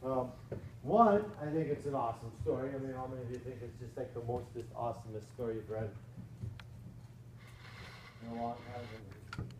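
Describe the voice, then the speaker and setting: A male professor reading a storybook aloud to a class with animated, playful asides. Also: medium pitch, moderate pace, pauses often. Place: lecture hall. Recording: echoey lecture hall from far off, noisy.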